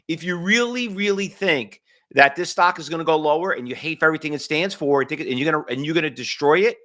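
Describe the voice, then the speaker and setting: A man with a New York accent hosting a live day-trading morning stream, chatty and excitable, his voice leaping up when he gets fired up. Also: on the high side, fast. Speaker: day trading show host. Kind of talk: live-streamed market commentary.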